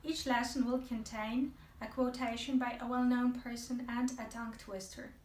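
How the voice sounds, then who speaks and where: A woman's voice: fairly high pitch, steady tone, normal speed, a little mellow, far from the mic, a little hiss or hum. A woman teaching an English video lesson, chatty and playful, speaking straight to her viewers. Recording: echoey room, voice from off the mic.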